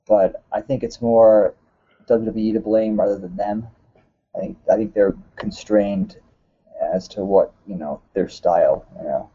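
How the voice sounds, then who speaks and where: Podcast host guy, super mellow dark voice, rambles with lots of uhs, muffled audio. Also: on the low side, fairly even intonation, slightly rough. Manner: rambling, many "uh"s, quick to laugh. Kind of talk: casual chat.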